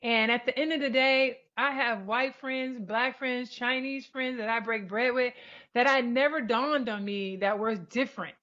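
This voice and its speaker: A woman from California speaks candidly over a video call, her voice sitting a little high. She talks with energy and sometimes slips into playful voices. The audio sounds slightly muffled. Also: normal speed, pushed and bright. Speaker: guest, former athlete. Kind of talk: casual panel chat.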